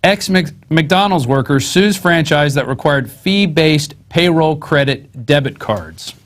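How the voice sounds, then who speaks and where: A man's voice: a little high, expressive, takes it slowly. A man hosting a news show, reading articles aloud and adding sarcastic, conversational asides.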